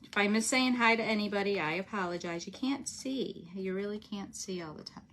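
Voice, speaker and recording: A woman's voice: mid-range voice, brisk, a bit bright, a little hiss or hum. A woman with a runny nose, hosting a casual craft livestream, chatting with viewers as she works and laughing often.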